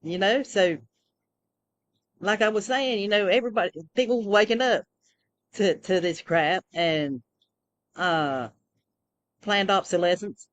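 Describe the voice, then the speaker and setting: A woman's voice: mid-range voice, measured pace, pauses often, no room sound. A woman rambling through a casual personal monologue, full of fillers and restarts. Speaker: vlogger.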